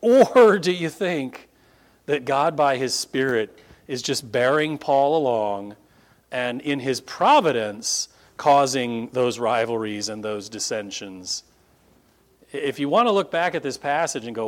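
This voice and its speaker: A man, a pastor preaching a sermon, stressing words with sudden high lifts and then dropping low. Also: expressive, moderate pace. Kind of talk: closes in prayer.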